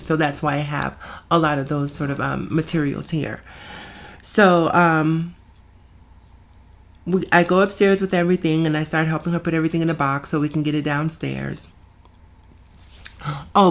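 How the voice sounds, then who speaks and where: A young adult woman with a fairly low voice tells a neighbor story straight to her viewers. She is chatty and conversational, stepping off into asides and restarting her sentences. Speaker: storytime vlogger. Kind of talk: casual storytelling to camera.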